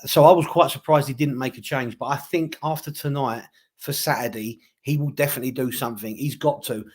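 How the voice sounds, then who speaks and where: A man calmly talking football on a podcast, reasoning things through. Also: medium pitch, slightly rough. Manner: measured, reasoning, asks for agreement. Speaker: podcast co-host. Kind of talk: casual football chat.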